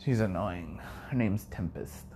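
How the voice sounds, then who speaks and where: Over a noisy background, a low-pitched man speaks slowly as host of his own podcast. His enthusiastic, casual musings ramble, frequently trail off, and at times fall to almost a whisper.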